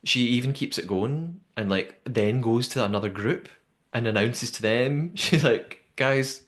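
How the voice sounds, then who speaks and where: A young man hosting a podcast, chatting casually and telling the story in a lively way with lots of fillers. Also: mid-range voice, a little slow. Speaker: podcast host. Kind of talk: casual recap chat.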